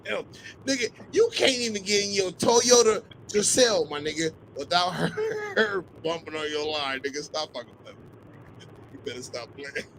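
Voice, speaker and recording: Man, podcast co-host, high gravelly voice, loud teasing banter, shouts then mutters. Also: normal speed, a little hiss or hum, poor audio. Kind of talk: casual trash-talk banter.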